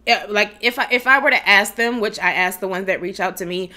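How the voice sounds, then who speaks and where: A woman's voice: animated, fairly quick, few pauses, pushed and bright, slight background noise. A woman hosting a casual live Q&A at home, giving direct, chatty advice. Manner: chatty, direct, acts out quoted people in higher voices. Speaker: wedding planning host.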